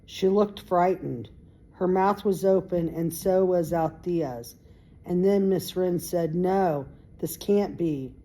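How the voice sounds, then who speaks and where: Amateur read-aloud, woman, low, mellow and very unhurried, trips over words and fixes them. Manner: unpolished read-aloud with stumbles and self-corrections. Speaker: reader. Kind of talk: reading a novel aloud.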